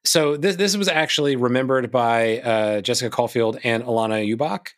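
A man's voice: mid-range voice, normal speed. A man hosting a podcast in casual chat, recapping a film with wry asides. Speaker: podcast host.

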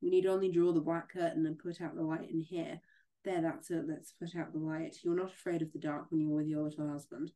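A woman's voice: low-pitched, little pitch movement, fairly quick, close to an everyday voice. A woman reading aloud the lines of a menacing, possessive masked man from a gothic novel. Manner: read aloud from a novel, louder and sharper.

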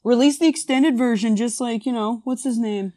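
A young woman in casual podcast chat, excitable and laughing often while playing a movie quote game. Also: a little high, moderate pace, dry recording, clean studio sound.

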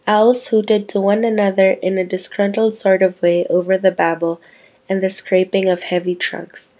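Husky woman reading a book aloud. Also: mid-range voice, normal speed. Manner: steady storytelling with small slips and restarts. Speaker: reader.

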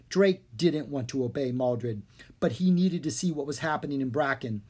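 A narrator reading a children's fantasy book aloud, clear and expressive. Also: medium pitch, normal speed. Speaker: audiobook narrator. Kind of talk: scripted storybook narration.

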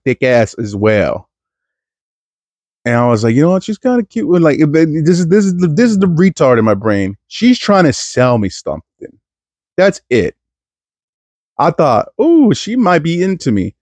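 A young man from East Texas hosts a podcast, delivering a crude, self-mocking, rambling comedic monologue into the mic, full of stumbling restarts. His voice is mid-range and a little mellow, with no echo.

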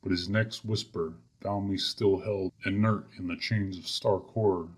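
Deep, husky male horror narrator. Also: steady tone. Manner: grave, measured. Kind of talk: dramatic horror story reading.

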